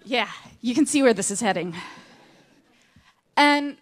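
Animated woman telling a funny story. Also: fairly high pitch, a little slow. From Seattle. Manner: self-deprecating, animated comic storytelling. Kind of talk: live storytelling to an audience.

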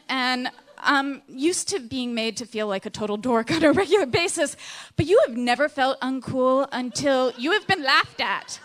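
A woman telling a self-deprecating, animated comic story live to an audience. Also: high voice, moderate pace. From Seattle.

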